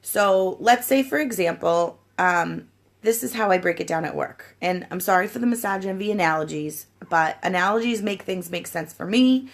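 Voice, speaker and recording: A woman in her thirties giving a casual coaching talk to her team, acting out customer chats in a lively, chatty way. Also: medium pitch, normal speed. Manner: chatty, animated, acts out sales chats. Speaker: sponsor training her team. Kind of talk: casual coaching talk with role-play examples.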